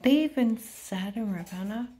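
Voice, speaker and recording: A woman's voice: fairly high pitch, animated, moderate pace, dark tone. A woman talking in an urgent, rambling monologue who keeps dropping into an unvoiced whisper. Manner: drops often into an unvoiced whisper.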